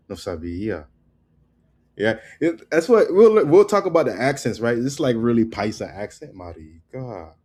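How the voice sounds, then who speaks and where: A man from the United States giving a casual spoken lesson on slang, relaxed and loose, repeating words slowly and often asking "right?". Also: medium pitch. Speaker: language teacher.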